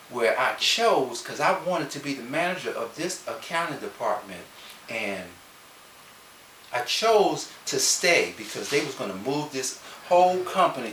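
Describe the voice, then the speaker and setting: A man speaking as a motivational speaker, telling a personal story in a lively, conversational way and putting questions to his listeners. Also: medium pitch, moderate pace. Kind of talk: animated personal storytelling to an audience. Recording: roomy sound from a distance with faint hiss.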